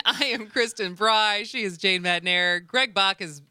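A woman's voice: medium pitch, pushed and bright, slight background noise. A woman, a radio host, chatting casually in the studio in a chatty, laughing way. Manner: chatty, laughing, restarts quickly.

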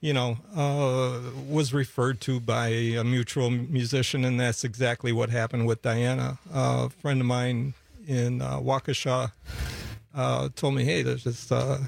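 A man from Milwaukee, a bass player, telling stories in a relaxed radio studio chat, full of "uh" and easy laughs. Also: vocal fry. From Milwaukee, Wisconsin. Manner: relaxed storytelling with many fillers and laughs. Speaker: bassist guest. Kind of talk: casual interview chat.

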